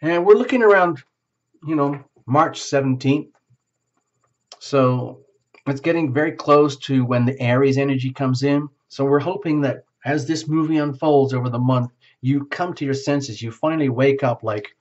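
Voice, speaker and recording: A man's voice: medium pitch, moderate pace, highs cut off. A man giving a casual tarot reading who talks in a chatty way, laughs often and acts out bits of dialogue. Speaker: tarot reader. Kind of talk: solo tarot reading to camera.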